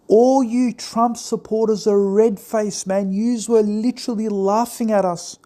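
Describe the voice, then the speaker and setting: A man talking through a political commentary monologue in a gravelly, low-lit voice with a mellow, dark tone. He is sarcastic and mocking, and he slips into exaggerated impressions of the people he criticizes. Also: moderate pace, hardly any pauses. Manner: sarcastic and mocking, mimics opponents in put-on voices.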